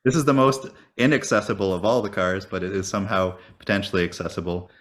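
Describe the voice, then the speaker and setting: A man co-hosting a casual podcast over a call, telling stories in an animated, joking way and swearing freely. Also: deep voice, fast. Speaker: podcast co-host. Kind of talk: casual chat.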